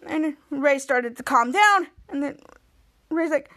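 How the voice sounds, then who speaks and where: A woman hosting a podcast, retelling a TV episode in a rambling, excited way and acting out the characters' lines. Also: sits high, unhurried. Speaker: podcast host. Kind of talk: casual episode recap.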